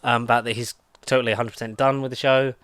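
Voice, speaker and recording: A man's voice: mid-range voice, level tone, fast talker, a bit bright, smooth, no echo, clean studio sound. A man co-hosting a podcast, chatting casually and rambling with many fillers and restarts. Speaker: podcast co-host. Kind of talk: casual chat.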